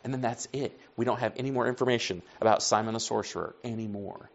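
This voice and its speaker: A man preaching a sermon in a conversational storytelling way, acting out dialogue and dropping to soft asides. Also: mid-range voice, fast talker, creaky, dull audio.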